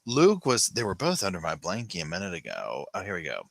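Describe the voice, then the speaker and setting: A low-pitched man chats casually on a home livestream, often dropping into soft cooing as he fusses over his puppies. His voice is bright and forceful, and the sound is close and dry. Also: huge pitch swings, moderate pace, gravelly, no echo. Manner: chatty, coos softly to his puppies. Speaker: livestream host.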